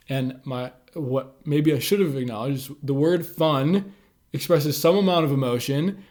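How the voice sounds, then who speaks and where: Man, mid pitch, laid-back explainer who leans on "like" and "uh" and talks to camera. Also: measured pace, a little mellow. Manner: loose and conversational, many "like" and "uh" fillers. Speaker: communication tips creator. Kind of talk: casual instructional talk to camera.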